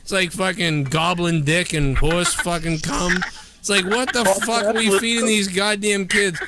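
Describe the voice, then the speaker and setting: A man's voice: sits high, fairly even intonation, a little slow, noisy background. A man hosting a live call-in stream, rambling through crude, profane jokes in casual banter. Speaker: live stream show host.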